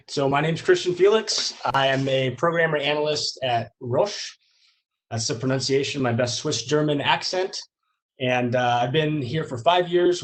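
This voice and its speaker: A man giving a relaxed, conversational presentation on a video call, with many pauses and filler words. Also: mid-range voice. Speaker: user group presenter.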